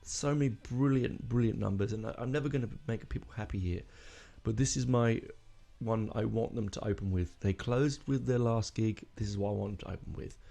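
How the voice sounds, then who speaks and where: A man's voice: on the low side, a little fast, gravelly, hardly any pauses, mellow. A man hosting a casual music podcast, rambling and emotional, with lots of fillers and restarts. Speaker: podcast host.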